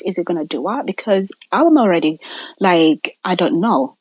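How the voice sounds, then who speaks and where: A woman's voice: fairly low pitch, lively intonation, normal speed, a little mellow, slightly rough, no room sound, rough recording. A woman guest telling a personal story, acting out quoted voices and dropping to near-whispers.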